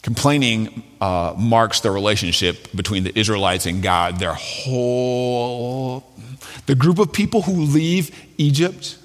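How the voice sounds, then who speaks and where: A man's voice: mid-range voice, unhurried. A man preaching a sermon in a conversational way, with colloquial asides and frequent restarts. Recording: long hall reverb.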